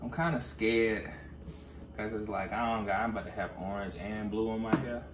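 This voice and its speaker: A man's voice: fairly low pitch, level tone, fast talker, noisy background. A young man chatting casually and joking in a home vlog, slangy and a little nervous, recorded from a distance. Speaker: vlogger. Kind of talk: casual chat. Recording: echoey room, mic at a distance.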